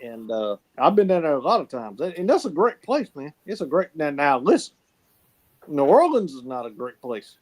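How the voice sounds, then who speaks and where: A man's voice: a little high, big pitch swings, normal speed, darkish tone. A man from South Carolina with a Southern accent, telling folksy stories in a casual chat, repeating words as he goes.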